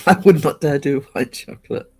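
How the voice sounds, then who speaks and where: A man's voice: on the high side, normal speed, vocal fry, dark tone, slightly rough. A man streaming live, chatting casually in a rambling way full of ums and restarts.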